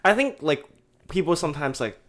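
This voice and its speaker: A man hosting a podcast in casual chat, chatty and quick to jump in. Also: fairly high pitch, animated, a bit bright. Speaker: podcast host.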